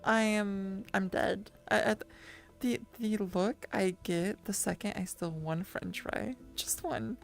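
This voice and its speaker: A woman's voice: mid-range voice, slow pace, creaky, soft background music. A woman streamer chatting casually and rambling with her viewers, full of restarts and little laughs. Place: lying down at home.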